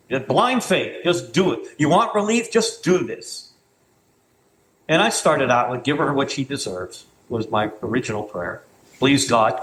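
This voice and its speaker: A man's voice: mid-range voice, fairly bright tone, poor audio. A middle-aged man sharing his recovery story at a meeting, telling it as a tale and acting out what others said. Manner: storytelling, acts out quotes of others. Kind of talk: personal testimony talk.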